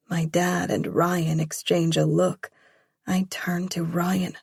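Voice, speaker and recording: A woman's voice: fairly low pitch, takes it slowly, creaky, darkish tone, breathy edge, no room sound, studio quality. A woman narrating a first-person romance audiobook, emotional and pleading in dialogue.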